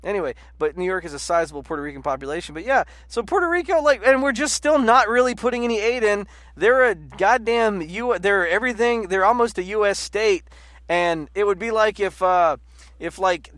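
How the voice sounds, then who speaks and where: A man in casual political chat, rambling and animated with lots of "like" and restarts. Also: high voice, moderate pace, no room sound. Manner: rambling, animated, heavy use of "like".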